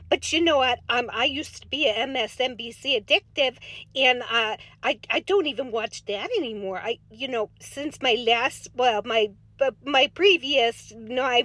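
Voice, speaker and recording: A woman's voice: sits high, bright, forceful tone, dry recording. A woman from Minnesota with a Minnesotan accent, talking in a folksy, rambling way to her viewers as a spiritual medium. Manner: folksy, chatty, rambling with many fillers. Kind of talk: casual monologue to camera.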